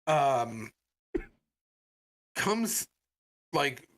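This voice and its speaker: A man co-hosting a podcast, telling a story in casual chat and acting out the people he quotes. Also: drawn-out words. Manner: animated, voices quoted people with big pitch jumps. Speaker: podcast co-host.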